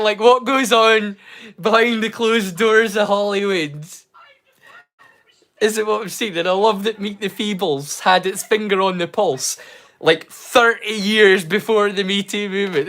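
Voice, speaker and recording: Man with a high voice, livestream host; chatty, excitable, stop-start delivery with a hidden stammer. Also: normal speed. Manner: hesitant, many fillers and restarts; mild stammer he keeps hidden. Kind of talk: casual livestream chat.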